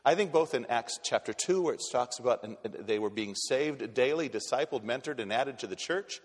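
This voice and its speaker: A man's voice: mid-range voice, animated, moderate pace, husky. Man preaching blunt in a reverberant church. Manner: blunt, conversational preaching with frequent restarts. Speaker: pastor. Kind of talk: sermon. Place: church sanctuary. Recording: long hall reverb in a church.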